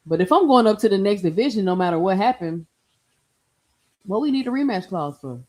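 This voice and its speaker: A woman hosting a casual boxing livestream, talking in an opinionated, animated way and speaking straight to her chat. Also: mid-range voice, fairly quick. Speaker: livestream boxing talk host.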